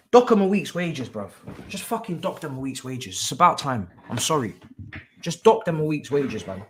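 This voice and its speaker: Angry man ranting, very animated. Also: sits high. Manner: angry, swearing, repetitive ranting. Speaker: football fan streamer hosting a watchalong. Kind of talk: live watchalong rant.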